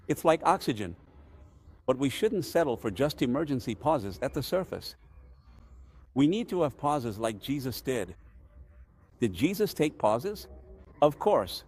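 A parish priest speaks to his people in a voice of ordinary male pitch. He is earnest and emphatic, and he often poses questions and then answers them himself. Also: a little mellow. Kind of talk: teaching talk to parishioners.

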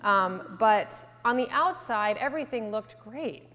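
A woman in her thirties from Connecticut telling her faith story to a live audience, earnest, sometimes dropping to a soft hush. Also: on the high side, expressive, a little slow. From Connecticut, USA. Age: 30s. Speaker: speaker giving a testimony. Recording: hall reverb.

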